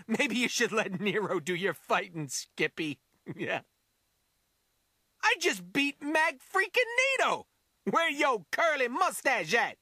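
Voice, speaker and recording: Zany wisecracking mercenary. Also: male voice, very high-pitched, dry recording, clean studio sound, full character voice. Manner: zany, taunting, shouting one-liners. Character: manic wisecracking male mercenary who mocks the player. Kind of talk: video game character voice lines.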